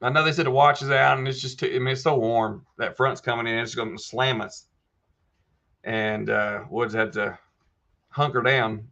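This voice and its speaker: A man's voice: mid-range voice, fairly even intonation, normal speed, gravelly, bright, forceful tone, highs cut off. A man hosting a casual live chat. He reads viewer comments aloud and answers them by name in a folksy way. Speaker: livestream host answering viewer questions.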